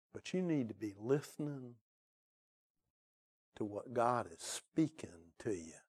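A man's voice: medium pitch, darkish tone, slightly rough. A man pastor telling an emotional personal story in a sermon, then pressing his church with urgent questions and a prayer. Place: church sanctuary.

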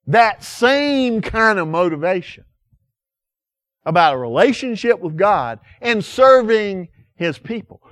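A man preaching a sermon with passion, asking the listeners many direct questions and swinging from loud emphasis to quiet asides. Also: high voice, no room sound. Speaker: pastor.

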